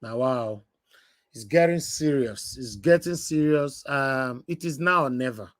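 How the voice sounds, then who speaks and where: Hosting a casual online panel live stream, a man with a Nigerian accent speaks at a medium pitch and a slightly slow pace. He's animated and chatty, repeating phrases for emphasis and occasionally slipping into pidgin, and the recording is dry.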